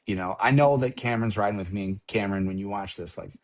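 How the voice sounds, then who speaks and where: Middle-aged man guest, low voice, rambling storyteller, casual chat. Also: brisk. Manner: rambling, restarts often, storytelling. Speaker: guest driver. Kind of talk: casual conversation.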